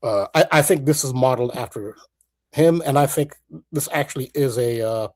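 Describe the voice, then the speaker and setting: A man's voice: medium pitch, normal speed. A man co-hosting a talk show, earnestly laying out a theory point by point with frequent restarts. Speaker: podcast co-host.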